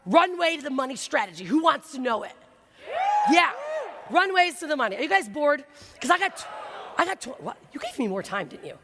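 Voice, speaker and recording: A woman giving an energetic keynote talk on a conference stage, excitable and quick with asides. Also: sits high, background noise. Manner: excitable, laughs often, rapid asides. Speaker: keynote speaker. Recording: reverberant hall recording.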